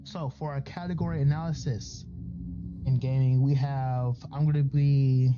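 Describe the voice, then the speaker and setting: A man's voice: medium pitch, steady tone, normal speed, highs cut off, music in the background. A man giving a casual, rambling educational talk as a streamer, full of fillers and restarts. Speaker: VTuber content creator.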